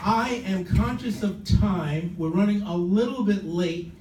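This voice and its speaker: An older man with a slightly high voice tells a chatty anecdote to a gathering and acts out the quotes. He is picked up from a distance in a roomy hall. Steady background noise is clearly heard. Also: unhurried. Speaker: son of the guest of honor. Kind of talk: casual storytelling to a gathering.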